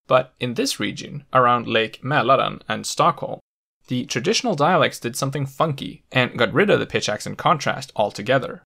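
A man narrating a scripted language lesson, explaining clearly with the odd playful aside. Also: medium pitch, animated, normal speed, sharp tone. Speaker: language educator.

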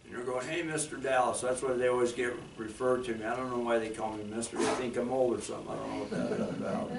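A man preaching a folksy, excitable sermon as a guest speaker in a church hall. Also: medium pitch, fast, gravelly, hardly any pauses, slight background noise. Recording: echoey hall, mic from a distance.

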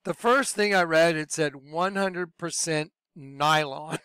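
A man telling his personal religious testimony in a lively storytelling way, acting out what he said back then. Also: a little high, takes it slowly, clear, resonant tone, dry recording, clean studio sound. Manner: animated storyteller, acts out his own past voice. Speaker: speaker sharing a religious testimony.

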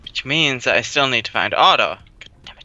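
A co-player in a casual let's-play who mostly mutters softly to themselves, often half-whispered. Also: mid-range voice, animated, a little fast, dry recording, muffled recording, faint music behind.

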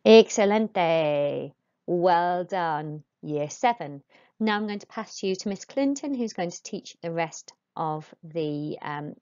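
A woman teaching a recorded Spanish lesson, giving clear, patient instructions and saying Spanish words aloud. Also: lowish voice, darkish tone, muffled recording.

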